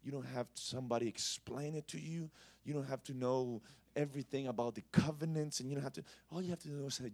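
A male pastor delivering a sermon in a middle-range voice. He talks to the congregation conversationally, full of "you know", but surges into loud, lifted declarations before falling back to quiet, close asides. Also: mid-range voice, steady tone, fast, creaky. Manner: impassioned, swinging from loud exclamations to soft asides. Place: church service.

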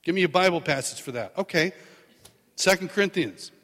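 Middle-aged male preacher with a high voice, lively storyteller, acts out dialogue, reverberant church hall. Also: brisk. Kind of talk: sermon. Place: large church hall with live congregation.

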